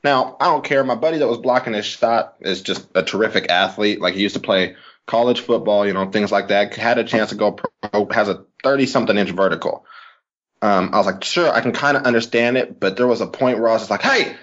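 Man, lowish voice, excitable storyteller, casual chat, lo-fi sound. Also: a little fast. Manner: excitable storyteller, rising to loud yelling. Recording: dull lo-fi sound.

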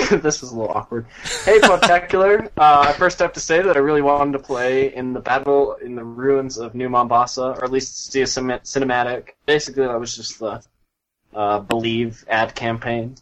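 A man's voice: mid-range voice, moderate pace, a bit bright, rough recording. Enthusiastic male gaming podcast co-host. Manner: enthusiastic and gushing, with hesitant fillers. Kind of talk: casual gaming podcast chat.

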